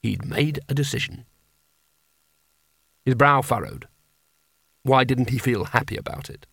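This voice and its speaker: A man reads an audiobook with a gravelly, mid-pitched voice, telling the story evenly. The recording is dry and close. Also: lively intonation, a little slow, pauses often, a bit bright, no echo. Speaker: audiobook narrator. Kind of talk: scripted narration.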